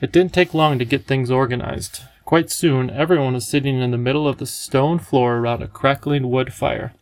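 A man reading an audiobook chapter as narrator, in steady, measured storytelling. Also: medium pitch, no echo, rough recording. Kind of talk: scripted narration.

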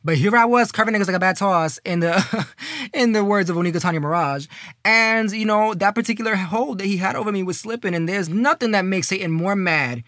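A young man casually telling a personal story, slangy and animated, with lots of fillers. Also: high voice, brisk, dry recording.

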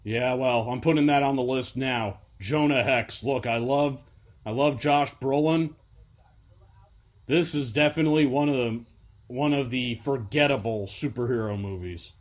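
A man's voice: mid-range voice, measured pace. A man co-hosting a casual podcast, chatting loosely about movies and quoting lines with a laugh. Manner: laid-back, quotes film lines with laughs. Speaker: podcast co-host. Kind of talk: casual chat.

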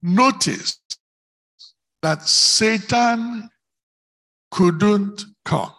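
Slow, gravelly, high-voiced preacher. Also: male voice. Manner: emphatic, slow and declamatory with bursts of shouting. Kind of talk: sermon.

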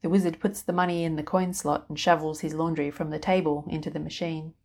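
Woman, storyteller, scripted narration, low-ish pitch, even wry delivery. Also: a little fast.

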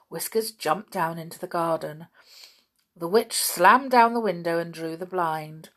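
A woman reading a children's story aloud in a gentle, expressive way. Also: fairly low pitch, measured pace.

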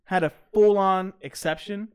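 Podcast guy telling a story, kinda high voice, cussing, animated. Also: moderate pace, clean tone. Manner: animated, profane, laughs while telling a story. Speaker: podcast co-host. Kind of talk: casual storytelling chat.

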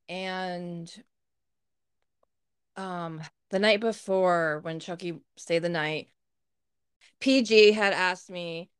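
Smooth-voiced woman telling a blunt story. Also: fairly low pitch, a bit bright. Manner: candid, blunt, swears freely. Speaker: podcast co-host. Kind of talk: casual storytelling.

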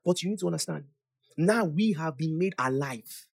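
A young man preaching a sermon, emphatic and animated, swinging from loud declarations to soft asides. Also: fairly high pitch, moderate pace, creaky, slightly rough. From Nigeria.

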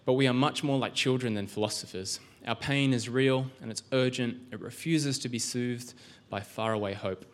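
A man's voice: mid-range voice, moderate pace, hardly any pauses. A male pastor giving a sermon in a church, conversational, with rhetorical questions and frequent restarts.

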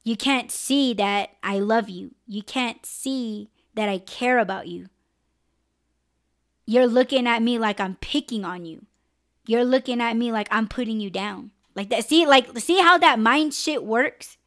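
A woman's voice: on the high side, measured pace. A woman hosting a live-stream podcast, talking candidly and emotionally and swearing freely. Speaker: podcast host.

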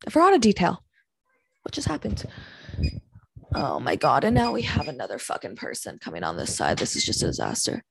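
A woman's voice: sits low, huge pitch swings, brisk, vocal fry, long pauses, husky, no echo. A young woman hosting a podcast from home, rambling through stories in an exasperated, heavily profane way. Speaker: podcast host. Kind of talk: casual solo podcast rant. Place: small house at home.

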